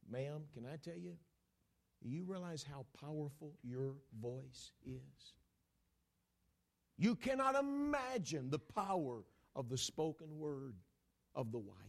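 A middle-aged man delivering a sermon, speaking straight to his listeners and swinging from loud, forceful bursts to hushed, almost whispered lines, often repeating and restarting words. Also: a little high, expressive, unhurried. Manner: dramatic preaching, swinging from loud outbursts to hushed near-whispers; addresses the audience directly, repeats and restarts words. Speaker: pastor.

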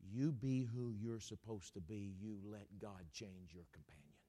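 A man's voice: fairly low pitch, unhurried, mellow. A man preaching a sermon, emphatic and repetitive, with a playful streak.

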